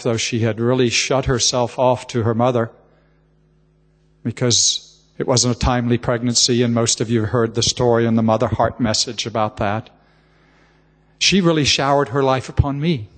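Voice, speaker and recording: A man's voice: mid-range voice, steady tone, moderate pace. An older man preaching a sermon, telling a heartfelt family story with emotion and repeated words. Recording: reverberant hall.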